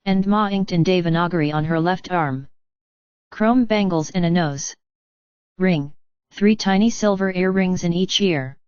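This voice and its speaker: A woman narrating an audiobook in a measured, even storytelling read. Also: lowish voice, smooth, dry recording, highs cut off. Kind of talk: scripted narration.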